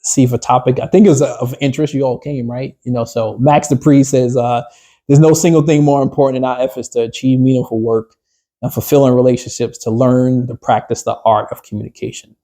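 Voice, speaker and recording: A man's voice: mid-range voice, steady tone, a little fast, dark tone. A man, a business coach, giving a casual workshop talk to a small group, rambling with fillers and restarts and putting questions to the group.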